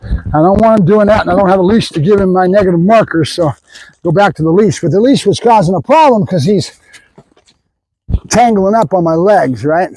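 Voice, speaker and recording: A man who is a dog trainer, explaining his methods in a casual way and often checking in with the viewers with a quick "right?". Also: high-pitched, dark tone, no echo, rough recording. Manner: casual, talks to the viewers with frequent "right?" asides.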